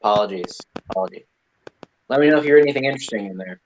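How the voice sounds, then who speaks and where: A man's voice: mid-range voice, rapid-fire, darkish tone, slight background noise, poor audio. A man playing a tabletop role-playing game, asking playful, jokey questions in character. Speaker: player. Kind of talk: casual tabletop role-play.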